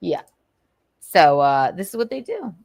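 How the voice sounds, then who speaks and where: A woman's voice: fairly low pitch, wildly swooping pitch, a little mellow, no room sound, studio quality. A woman hosting a casual livestream, talking candidly with frequent swearing, laughter and restarts. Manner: candid and profane, laughs often; halting, with many restarts and fillers. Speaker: livestream host.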